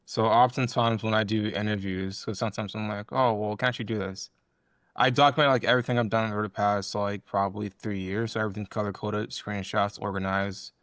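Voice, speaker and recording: A man's voice: on the low side, fairly even intonation, a little fast, hardly any pauses, a bit bright, no echo, studio quality. A man in his twenties co-hosting a podcast, talking bluntly and rambling, with many "um"s and "like"s. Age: 20s. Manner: blunt, rambling, frequent fillers. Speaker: podcast co-host. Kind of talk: casual podcast conversation.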